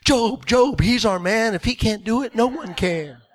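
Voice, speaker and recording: A man's voice: sits high, lively intonation, measured pace, crowd noise. A man imitating a squad of cheerleading angels, chanting a rhythmic cheer. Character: cheering angels with pom-poms.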